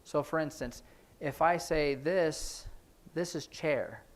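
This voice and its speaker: Man teaching a sign language class. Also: fairly high pitch. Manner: explains signs while demonstrating, hurried asides. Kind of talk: classroom instruction. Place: church classroom.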